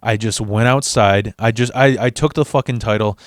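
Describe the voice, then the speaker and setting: With a rather low voice, this man tells a funny story from his own life as a meandering, foul-mouthed monologue, switching voices to act out each exchange while his pacing lurches from quick to slow. The studio recording is clean, with no room sound.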